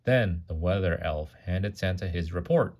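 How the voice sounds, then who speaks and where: A man reads a children's picture book aloud at bedtime in a deep, low voice. He is animated and stops now and then to gasp and comment. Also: moderate pace. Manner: animated, gasps and comments mid-story. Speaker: parent reading to a child. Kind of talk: bedtime storybook reading.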